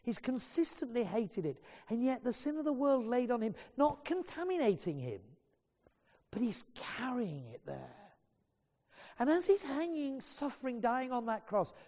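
Earnest preacher, mellow tone, hall reverb. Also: male voice, very high-pitched. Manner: earnest, stumbling restarts. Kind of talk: sermon storytelling.

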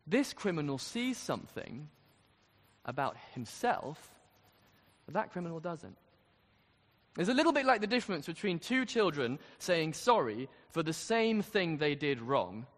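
Man, preacher, sermon, high animated voice, earnest, long hall reverb. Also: moderate pace. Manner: earnest, rising to emphatic questions.

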